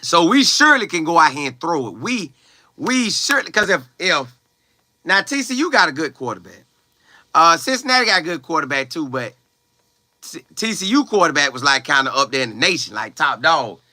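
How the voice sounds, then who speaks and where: A young college football player livestreams and reads viewer comments aloud, chatting in a loose, slangy way full of exclamations. His fairly high voice is very bright and cutting, with big pitch swings and a brisk pace. The sound is dry and close with no room around it.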